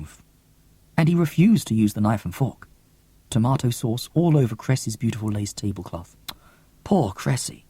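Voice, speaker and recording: A man's voice: mid-range voice, normal speed, mellow, slightly rough, no echo. A man reading an audiobook expressively, with theatrical gasps and whispers. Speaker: audiobook reader.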